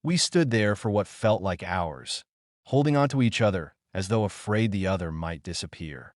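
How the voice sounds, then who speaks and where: A man with a lowish voice reads a first-person story aloud. His delivery is smooth, even and unhurried, and the recording sounds close and dry. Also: no echo.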